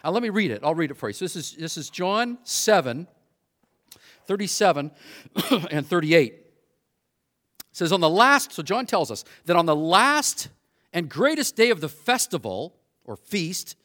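Middle-aged man, guest preacher, fairly high voice, relaxed storytelling sermon with fillers and restarts. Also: moderate pace. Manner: conversational, loose storytelling with many restarts and fillers.

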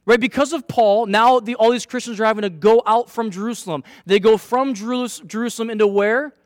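A man teaching a Bible passage in a casual way, reading scripture aloud and then breaking in with excited comments. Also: high voice, fairly quick, no echo, clean studio sound.

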